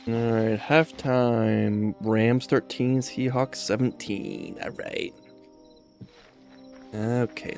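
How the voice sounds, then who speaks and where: A man's voice: on the low side, vocal fry. A man streamer chatting casually while he plays a game, rambling and easygoing as he thinks aloud. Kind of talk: casual chat while gaming.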